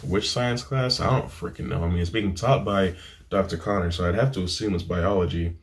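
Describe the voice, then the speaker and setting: A man's voice: low-pitched, normal speed. A man reviewing a film in casual chat to a camera, rambling and dismissive, with many fillers and restarts. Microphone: camera mic.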